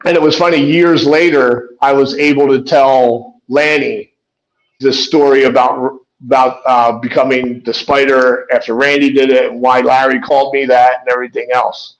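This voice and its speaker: A man's voice: mid-range voice, little pitch movement, normal speed. A man guesting on a podcast, telling a wrestling story in a loose, rambling way. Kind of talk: conversational storytelling. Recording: slightly dull lo-fi audio.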